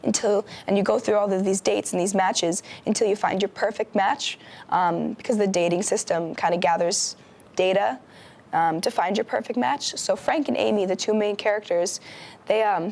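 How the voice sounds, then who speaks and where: Creaky-voiced young woman chatting. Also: medium pitch, moderate pace, darkish tone. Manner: chatty, retells plots with many fillers. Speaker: guest co-host. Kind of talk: casual pop-culture chat. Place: campus TV studio.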